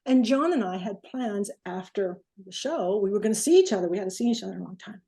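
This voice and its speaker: A woman recording engineer, interviewed as a guest, telling a story in an animated way and acting out the quotes. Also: medium pitch, fast talker, husky.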